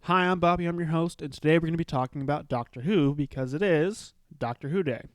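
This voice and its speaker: A man's voice: on the high side, fast, no room sound. A man hosting his own show, chatting casually and retelling scenes in a loose, filler-filled way. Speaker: podcast host. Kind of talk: casual solo show recap.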